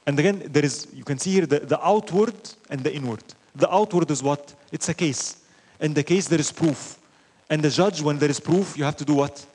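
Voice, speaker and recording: A man with a slightly high, breathy-edged voice speaks at normal speed during an Islamic lecture. A religious teacher, he tells stories in an animated manner, with rhetorical questions and Arabic phrases mixed in.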